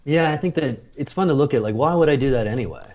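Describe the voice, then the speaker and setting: A man's voice: medium pitch, animated, fast, darkish tone. A man speaking as an interview guest, talking earnestly and emphatically in a casual spiritual conversation, often repeating words as he searches for them.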